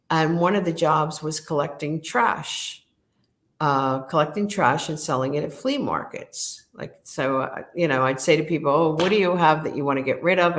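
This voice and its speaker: A woman in her fifties speaks as an interview guest, sharing personal stories frankly and openly. Her voice sits on the lower side, and she talks in an animated way, with plenty of fillers. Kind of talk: candid personal storytelling.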